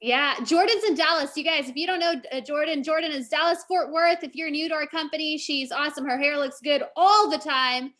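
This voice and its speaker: Woman, meeting host, enthusiastic, gushing, high voice. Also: a little fast, hardly any pauses, fairly bright tone. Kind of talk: casual team meeting.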